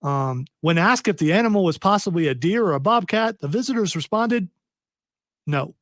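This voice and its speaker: A man's voice: sits high, lively intonation, brisk, no echo, studio quality. A man hosting a casual podcast, reading a news story aloud with wry, joking asides. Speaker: podcast host.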